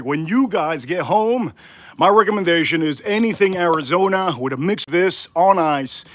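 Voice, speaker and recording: A man with a high-pitched voice, recorded dry, hosts a casual live cooking stream from his home kitchen. He is out of breath from crouching as he talks to his viewers.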